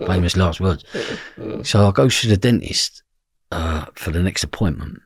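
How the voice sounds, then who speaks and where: A man's voice: deep voice, moderate pace, slightly rough, no room sound, studio quality. A man telling a story from his past, blunt and swearing freely, often asking "do you know what I mean". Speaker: podcast guest. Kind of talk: personal storytelling.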